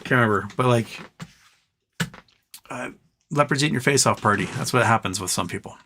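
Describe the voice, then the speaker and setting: A man hosting a live stream, rambling in a relaxed way and reading out viewer comments. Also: medium pitch, fairly quick, a little hiss or hum. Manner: rambling, laid-back, reads chat comments aloud. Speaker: livestream host. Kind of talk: casual livestream chat.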